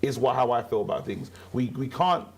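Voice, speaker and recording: A man's voice: medium pitch, lively intonation, fairly quick, darkish tone. A man co-hosting a casual football chat, talking with passion and repeating his points for emphasis. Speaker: co-host.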